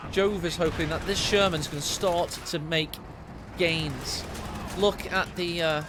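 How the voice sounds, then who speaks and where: A man doing live game commentary, excitable and cheeky, teasing his co-caster. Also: on the high side, measured pace, background noise. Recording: loud game battle sounds behind.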